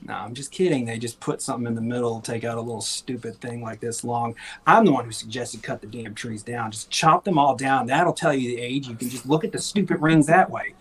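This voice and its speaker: A man's voice: medium pitch, brisk, hardly any pauses, fairly bright tone, husky, low-quality recording. A man co-hosting a casual talk show, sarcastic and profane, laughing often and mocking people in put-on voices. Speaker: podcast co-host. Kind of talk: casual chat.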